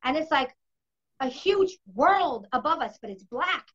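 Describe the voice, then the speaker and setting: A host in her fifties casually tells her own story in conversation, vividly and with emphasis. Her high voice is expressive, a little slow and a bit bright, in a dull lo-fi recording.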